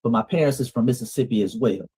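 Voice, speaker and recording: A man's voice: medium pitch, fast talker, warm tone, husky, rough recording. A man from Atlanta with a Southern US accent, hosting a clip commentary stream in an emphatic, repetitive way that speaks straight to his audience. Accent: Southern US (Georgia). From Atlanta, Georgia, US. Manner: emphatic, repeats lines, calls out to the audience. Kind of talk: livestream commentary on clips.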